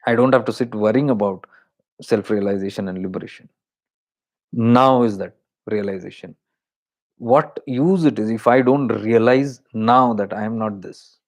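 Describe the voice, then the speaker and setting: A man with an Indian accent giving a spiritual talk, unhurried and reflective, drawing out words for emphasis and slipping into Hindi phrases. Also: lowish voice. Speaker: spiritual teacher.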